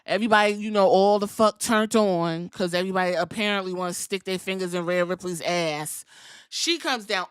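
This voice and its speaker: A woman hosting a podcast, recapping a wrestling show in animated, profane, storytelling chat. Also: mid-range voice, brisk, clear, resonant tone. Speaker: podcast host.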